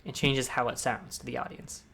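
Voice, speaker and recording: A man's voice: mid-range voice, flat delivery, normal speed, gravelly, bright, forceful tone, husky. A young man from the United States giving a casual, rambling talk on public speaking, with restarts and asides. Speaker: discord talk host.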